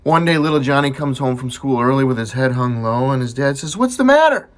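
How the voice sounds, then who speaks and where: A man's voice: medium pitch, fairly even intonation, fairly quick. A man casually telling dirty jokes, laughing at his own punchlines. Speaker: joke teller.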